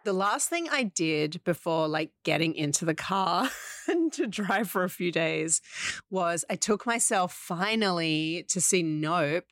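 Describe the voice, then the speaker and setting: A woman co-hosting a podcast, chatting casually about pop culture, quick to react and laugh. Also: lowish voice, lively intonation, fairly bright tone, no room sound. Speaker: podcast co-host. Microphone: remote call-in mic.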